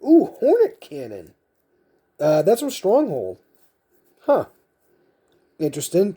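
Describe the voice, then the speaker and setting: A man's voice: mid-range voice, warm tone, husky. A man vlogging casually as he sorts through collectible cards, thinking aloud in a rambling, self-mocking way. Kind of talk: casual unscripted commentary.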